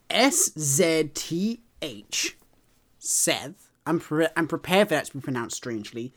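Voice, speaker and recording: This is a man in casual podcast chat whose tone is playful and animated. He reacts quickly and slips easily into mock protest. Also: a little high. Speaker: podcast co-host.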